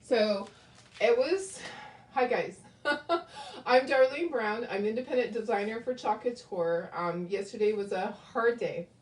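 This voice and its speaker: A woman's voice: on the high side, measured pace, a little mellow. Chatty woman hosting a craft livestream. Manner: chatty, with many ums and asides to viewers. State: grieving and tearful. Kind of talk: casual craft livestream chat. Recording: echoey room.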